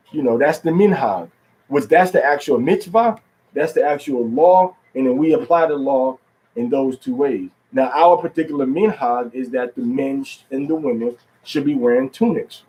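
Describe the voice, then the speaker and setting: A man giving an informal religious lesson at home, quizzing his listeners with questions, repeating key words and reading scripture aloud slowly, stressing each syllable. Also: a little high, darkish tone, low-quality recording. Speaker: religious teacher.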